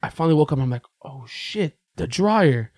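A young American man, a podcast co-host, telling a story in casual chat, animated and profane, jumping into a raised voice when he quotes himself. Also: fairly high pitch, moderate pace, no room sound, studio quality.

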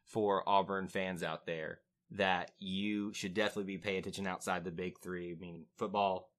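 A man's voice: low-pitched, flat delivery, moderate pace. A man co-hosting a casual sports chat, joking and self-deprecating. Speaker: podcast co-host.

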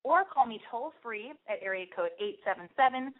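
A high-voiced woman hosts a call-in advice show with a noticeable lisp. She rambles brashly and swears freely, full of restless energy. Her voice comes through thin and tinny, as if over a phone line. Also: expressive, moderate pace.

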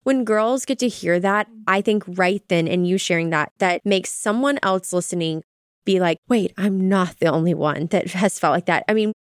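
A woman's voice: medium pitch, smooth, no room sound, studio quality. A woman co-hosting a faith podcast, speaking in an earnest, reassuring and flowing way. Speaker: podcast co-host. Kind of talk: warm podcast conversation.

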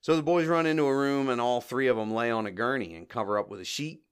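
In casual recap commentary, a man on his podcast goes through a comedy short scene after scene, voicing the quoted lines and laughing often. His voice is medium in pitch, fast, and smooth.

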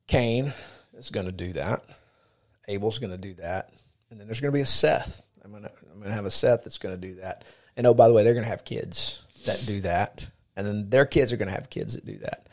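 Gravelly low-voiced man teaching faith. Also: fairly quick. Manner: earnest, lively, frequent fillers. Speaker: podcast co-host. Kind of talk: casual chat and faith teaching.

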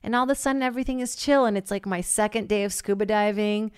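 A woman telling a long story in casual chat, animated and swearing freely, with lots of "like" and loudly acted-out quotes. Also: mid-range voice, fast talker, smooth, dry recording, clean studio sound. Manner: heavy use of filler "like".

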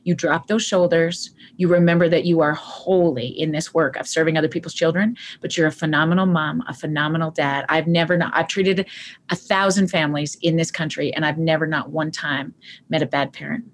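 A woman's voice: sits low, fairly even intonation, brisk, a little hiss or hum. A woman guest on a parenting podcast, speaking passionately and emphatically, often repeating her key points. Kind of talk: conversational podcast talk.

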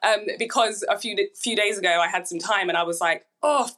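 A woman's voice: mid-range voice, fairly even intonation, fairly quick, bright, forceful tone. Reflective woman with slightly hazy voice. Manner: reflective, speaks in repeated phrases. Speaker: podcast guest. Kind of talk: casual chat.

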